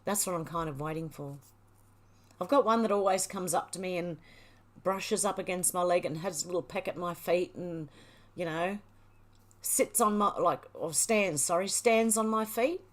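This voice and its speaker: A woman's voice: on the low side, moderate pace. A middle-aged woman hosting a livestream, reading viewer comments aloud and chatting back casually. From Australia. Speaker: livestream host reading chat. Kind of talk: casual chat.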